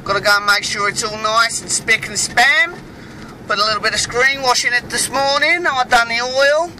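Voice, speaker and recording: A man does a comic driving monologue as a brash, slangy Aussie tradie, chattily rambling and grumbling at other drivers from his moving van. The very high, bright voice is forceful and exaggerated, at normal speed. The rough recording carries a little hiss or hum.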